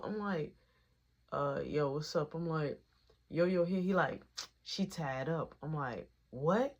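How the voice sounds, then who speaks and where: A woman's voice: on the low side, animated, moderate pace, slightly rough. A woman casually telling a long personal story in slang, acting out each quoted line of dialogue in its own voice.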